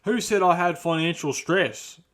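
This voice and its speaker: A man's voice: on the high side, unhurried, a bit bright. A man playing a crude, boastful middle-aged Australian bogan who speaks in blunt slang and swears freely, with an Australian accent. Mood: grumbling. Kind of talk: comedic character monologue.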